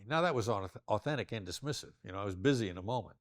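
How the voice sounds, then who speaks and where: In an interview conversation, an older man who is a negotiation expert speaks demonstratively, shifting his tone to illustrate his points. His voice is on the low side and very fast, with no room sound.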